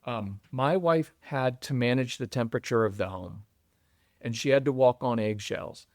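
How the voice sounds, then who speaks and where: A middle-aged man guesting on a podcast about parenting, who talks in an animated, conversational way and acts out what other people say. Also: normal speed, dry recording, studio quality. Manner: animated, acts out quoted voices with jumps in pitch. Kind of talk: conversational interview.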